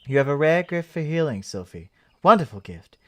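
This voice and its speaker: A man voicing a gentle male nature teacher who talks softly to his pupils. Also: a little high, very animated, moderate pace.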